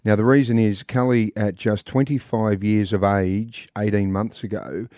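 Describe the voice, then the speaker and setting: A man's voice: on the low side, fairly even intonation, moderate pace, warm tone, no echo, studio quality. An Australian man co-hosting a radio show, upbeat and jokey, reading promos and introducing guests. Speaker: radio co-host. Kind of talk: breakfast radio banter. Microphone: studio microphone.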